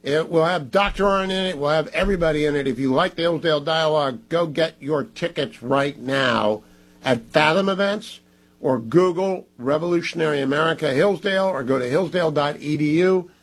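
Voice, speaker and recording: A man's voice: a little high, normal speed. A middle-aged man hosting a radio talk show, reading ads live in an emphatic, conversational way and repeating phone numbers.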